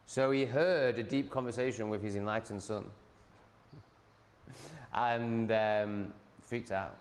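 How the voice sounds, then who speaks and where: A man's voice: lowish voice, fairly even intonation, slow, long pauses. A man ranting casually at home in a blunt, sardonic way, swearing freely. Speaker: vlogger.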